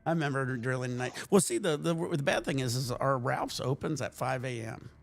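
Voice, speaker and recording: A man's voice: medium pitch, moderate pace, vocal fry. A middle-aged man, hosting a casual stream and telling stories with lots of laughter, often acting out other people's lines. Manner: storytelling, mimics others' voices, laughs often. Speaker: streamer host. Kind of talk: casual chat.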